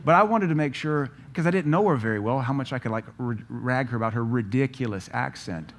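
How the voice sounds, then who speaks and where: Animated preacher man. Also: medium pitch, fairly quick. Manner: animated storytelling preacher with rhetorical questions. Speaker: pastor. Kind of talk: sermon.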